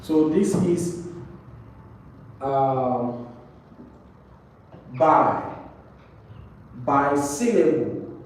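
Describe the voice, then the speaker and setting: Slow, echoey classroom teacher, man. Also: on the high side. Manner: repetitive, checks understanding with "right?". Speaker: English teacher. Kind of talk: classroom lesson. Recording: very echoey room, mic far off, faint noise.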